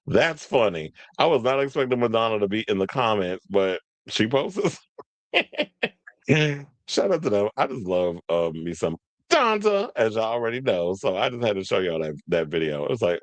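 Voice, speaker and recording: Lively, gossipy man hosting pop-culture chat. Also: on the low side, unhurried, dry recording. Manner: playful, gossipy, laughs often, mock-swooning asides. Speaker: host.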